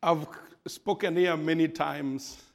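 Slow, gravelly African-accented man preaching. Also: a little high, a little hiss or hum. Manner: slow, emphatic, rising in fervor on key phrases. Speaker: guest preacher. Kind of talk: sermon. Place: church sanctuary at a pulpit. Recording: long reverb of a church hall.

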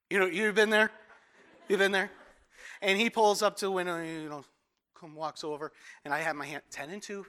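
A man delivers a sermon in a relaxed, conversational way, slipping into quick acted-out voices and then falling to soft, intense tones. His voice sits high and sounds bright and clear. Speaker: pastor.

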